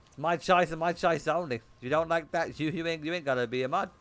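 A young man streams a game with a slightly high, somewhat bright voice, talking fast. He chats with his viewers bluntly and in bursts, swearing often, in a casual livestream style.

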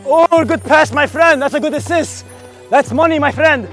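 A man's voice: extremely high pitch, moderate pace, soft background music, voice pushed up. A young man putting on a boastful Arab tourist character with a put-on Arabic-flavored accent and broken English, trash-talking on an outdoor court. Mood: hyped. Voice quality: broken English, calls everyone my friend. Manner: loud trash talk while playing. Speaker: YouTuber. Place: outdoor basketball court by a beach.

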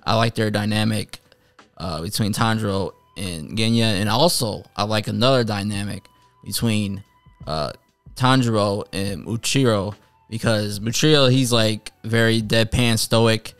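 A man's voice: on the low side, unhurried, clean tone, no echo, faint music behind. A man casually reviewing an anime episode, retelling scenes in a rambling way with many fillers and restarts. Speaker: anime reviewer, channel host.

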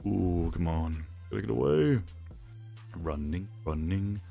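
A young man giving excitable gameplay commentary, talking to himself and laughing often. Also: low voice, measured pace, gravelly, soft background music. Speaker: gaming YouTuber.

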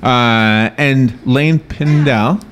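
A man's voice: medium pitch, extremely slow, a bit bright. A man hosting a casual live radio chat from a small studio in a mall, talkative and laughing often, with many restarts. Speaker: radio host.

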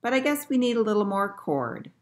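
A woman's voice: fairly high pitch, sing-song, a little fast, pitched above the performer's own voice. A woman reading a picture book aloud, voicing a plucky young boy who speaks eagerly.

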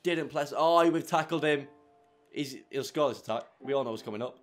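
A young man commentating his own football video game, swinging from muttered grumbles to shouted celebration. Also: mid-range voice, brisk, soft background music. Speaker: gaming YouTuber. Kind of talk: live gameplay commentary.

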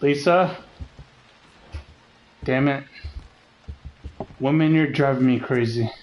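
A man's voice: mid-range voice, slow, slight background noise, low-quality recording. A man commentating as he plays a horror game, joking and teasing the game, with jumpy outbursts. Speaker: gaming channel host.

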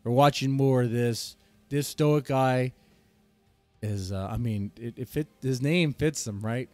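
A man's voice: medium pitch, measured pace, a little mellow, no room sound, soft background music. A man streaming and reacting to a video clip, commenting in a laid-back, sarcastic way.

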